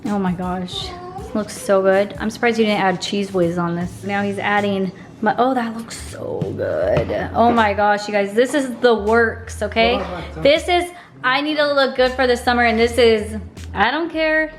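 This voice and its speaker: A woman's voice: a little high, normal speed, over music. A woman chatting to her viewers in an upbeat, casual way as she cooks at home. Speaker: vlogger. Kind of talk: casual cooking vlog. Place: home kitchen and backyard grill.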